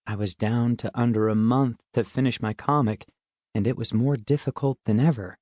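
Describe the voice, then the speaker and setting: A man's voice: mid-range voice, steady tone, normal speed, darkish tone, dry recording, studio quality. A man reading a first-person middle-grade audiobook in a wry, conversational way. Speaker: audiobook narrator.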